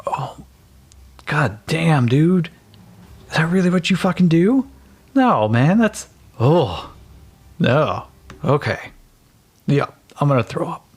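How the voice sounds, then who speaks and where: A man's voice: fairly high pitch, expressive, takes it slowly, long pauses, darkish tone, breathy edge, voice pushed up, exaggerated voice. A man voicing a crude, blunt young male fighter who swears casually and talks like a buddy, in a tabletop game. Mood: disgusted.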